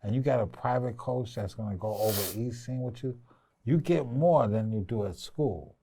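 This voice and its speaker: A man's voice: mid-range voice, normal speed, warm tone, slightly rough, no room sound. A man coaching a young actress in a casual interview, playful and teasing, sometimes breaking into song. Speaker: acting coach.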